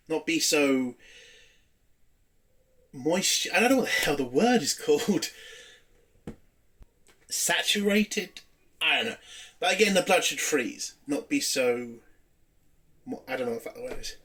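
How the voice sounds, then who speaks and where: A man's voice: on the high side, fairly bright tone. Sarcastic man reviewing TV. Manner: sarcastic, swearing, rambling recap. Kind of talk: casual spoken review.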